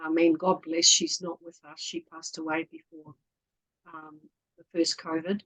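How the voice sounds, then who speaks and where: A woman's voice: low voice, flat delivery, moderate pace, poor audio. Earnest New Zealand-accented woman, fifties. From Netherlands, raised in New Zealand. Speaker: guest. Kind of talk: casual interview talk.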